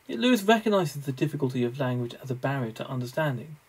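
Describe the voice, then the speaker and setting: A man lecturing on theology in a measured, scholarly way, with the odd wry aside. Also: medium pitch, very animated, husky, poor audio.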